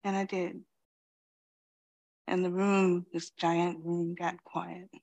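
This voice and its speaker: Middle-aged woman from queens, low voice, slow reflective dharma talk, lots of pauses. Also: flat delivery, creaky, darkish tone. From Queens, New York City. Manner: slow, reflective, many pauses and "you know". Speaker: Zen teacher.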